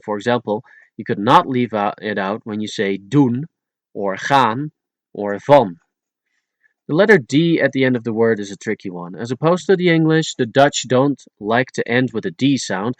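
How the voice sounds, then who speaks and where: A man reading a pronunciation lesson at a measured pace, pausing between example words and sometimes correcting himself. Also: medium pitch, no echo. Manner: occasional stumbles and self-corrections. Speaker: language teacher. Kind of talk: read-aloud pronunciation lesson.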